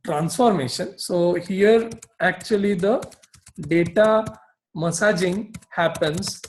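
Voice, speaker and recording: A man teaches a technical class at a slow, deliberate pace. His voice sits high for a man. He explains things patiently and often pauses on "uh" while he sketches on a board. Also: a little mellow, rough recording. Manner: explanatory, many fillers and restarts. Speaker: instructor. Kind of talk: recorded technical lecture while drawing.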